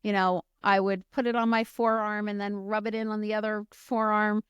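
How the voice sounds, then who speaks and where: A woman's voice: medium pitch, level tone, normal speed, clean tone, no echo, highs cut off. A middle-aged woman hosting a podcast, telling her personal story in a candid, chatty way full of fillers and asides. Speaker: podcast host.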